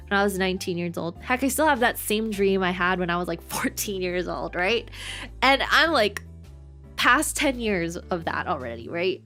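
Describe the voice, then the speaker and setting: A woman's voice: mid-range voice, a bit bright. A woman in her twenties, a streamer and nurse, chatting casually and rambling, repeating words for emphasis. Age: 20s. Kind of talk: casual chat.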